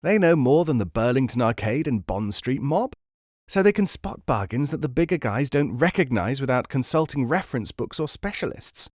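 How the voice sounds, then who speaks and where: A man's voice: mid-range voice, big pitch swings, normal speed, darkish tone, no room sound, clean studio sound. A man voicing a shrewd, worldly male market dealer who explains things in a breezy, knowing way.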